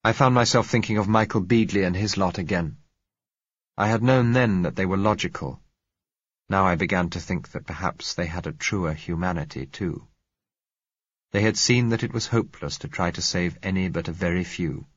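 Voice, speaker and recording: A man narrating a novel in the first person, measured and reflective. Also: deep voice, husky, no room sound, dull audio.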